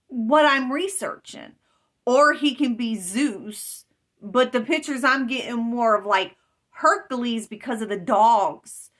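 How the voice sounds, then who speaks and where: A woman with a bright voice and a fairly high pitch tells her story in a rambling, emphatic way. She talks unhurriedly, with plenty of pauses and filler words along the way. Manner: rambling, emphatic retelling of a dream. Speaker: vlogger. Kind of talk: casual storytelling.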